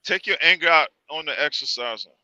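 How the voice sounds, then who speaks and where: A man who drives trucks talks in a very sharp, tense voice. He keeps it short and plain, and the audio is dull and lo-fi. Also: a little high, animated, brisk, no echo.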